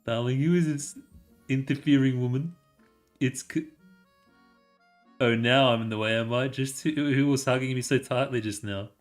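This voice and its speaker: A man's voice: on the low side, flat delivery, quick pace, a little mellow, soft background music, close to an everyday voice. A man voicing a lovestruck, possessive young woman doll while reading game dialogue aloud, gushing and jealous.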